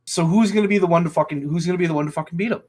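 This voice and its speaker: A man's voice: a little high, very fast, a little mellow. A man hosting a casual podcast chat, ranting angrily and swearing heavily. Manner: angry ranting, heavy swearing. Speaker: podcast host.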